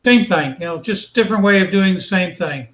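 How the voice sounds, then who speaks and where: A man's voice: high voice, expressive, brisk, a bit bright. A man on a casual video call, patiently explaining aircraft details and his model building. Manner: knowledgeable, explains aircraft designations step by step. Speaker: guest on a hobby hangout. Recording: roomy echoey room sound.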